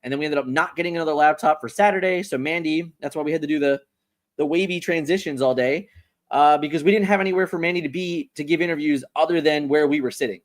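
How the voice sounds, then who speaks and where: Male card-game streamer, mid-high voice, loose rambling chat, lots of restarts. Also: fast talker. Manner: rambling, repeats words, animated. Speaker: livestream host. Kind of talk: casual livestream chat.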